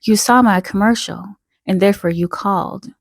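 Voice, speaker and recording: A woman voicing a mysterious, wish-granting woman on the phone, speaking softly and gently. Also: mid-range voice, moderate pace, creaky, dry recording. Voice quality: soft, gentle, at times whispered.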